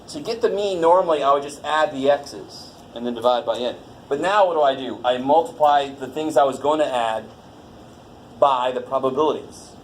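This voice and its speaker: A man teaching a college math class in a casual, jokey way, swearing lightly and quizzing the students as he goes. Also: on the high side. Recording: echoey classroom with faint noise.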